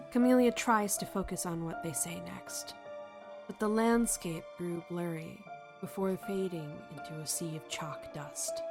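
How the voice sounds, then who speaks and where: Woman reading her fan story out loud, calm and even. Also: fairly low pitch. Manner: calm, measured narration. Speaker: narrator.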